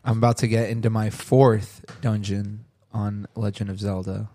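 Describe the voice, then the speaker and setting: A man's voice: fairly low pitch, flat delivery, normal speed, mellow. A man, a band member, chatting casually on a podcast with dry joking asides.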